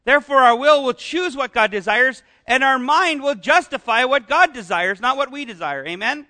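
A man's voice: very high-pitched, animated, normal speed, pushed and bright. A man preaching a sermon as pastor, talking conversationally and asking the congregation questions.

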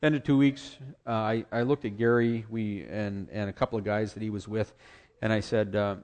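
A man's voice: lowish voice, steady tone, moderate pace, darkish tone. A man telling his personal faith story in a conversational way, with restarts and short acted quotes of others.

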